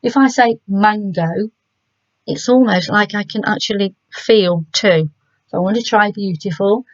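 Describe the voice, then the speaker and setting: A middle-aged English woman, a primary school teacher, giving a remote lesson to children and sounding words out slowly and gently. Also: medium pitch, no echo, highs cut off.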